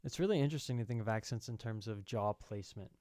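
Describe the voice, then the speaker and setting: Guy hosting a chat, smooth clear voice, keeps inviting folks to talk. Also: on the low side, fast, a little mellow, no room sound, studio quality. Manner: encouraging, inviting others to speak. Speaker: host. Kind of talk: casual chat.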